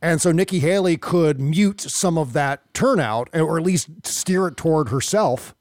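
A man's voice: fairly high pitch, expressive, unhurried, dry recording. Wry man hosting a political podcast. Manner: wry, conversational, jokey asides. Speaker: podcast host. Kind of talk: casual political commentary.

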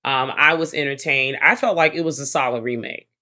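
A woman with a low voice, co-hosting a casual podcast. She recaps a film with animated energy, her delivery swinging up when the scene gets wild. She swears freely as she talks. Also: brisk. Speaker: podcast co-host. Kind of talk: casual movie recap chat.

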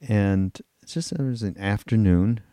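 Guy on a podcast telling a long rambling story, low mellow voice, dry close sound, laughs a lot. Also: a little slow, dry recording. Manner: loose, rambling anecdotes with frequent laughter and cursing. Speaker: podcast co-host. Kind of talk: casual storytelling chat.

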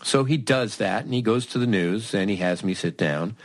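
A man's voice: fairly low pitch, normal speed, no room sound. A man hosting a podcast, telling a comic anecdote in a wry, self-mocking way and acting out both sides of the dialogue. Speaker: podcast host.

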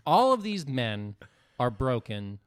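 A man's voice: medium pitch, sing-song, slow pace, clear, resonant tone. A man chatting casually on a podcast about food, telling long rambling stories and swearing often. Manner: rambling storyteller who swears a lot. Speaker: podcast co-host. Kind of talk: casual chat.

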